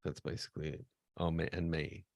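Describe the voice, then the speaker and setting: A man's voice: rumbling low, level tone, a little fast, creaky, no room sound. A man co-hosting a casual livestream, laughing often and joking at his own expense. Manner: giggly, self-deprecating banter. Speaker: podcast co-host. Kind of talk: casual pre-show chat.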